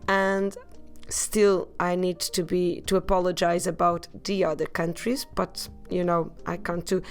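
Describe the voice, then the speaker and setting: Gravelly-voiced woman teaching a language. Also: mid-range voice. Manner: explains slowly, spells words letter by letter. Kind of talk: podcast language lesson.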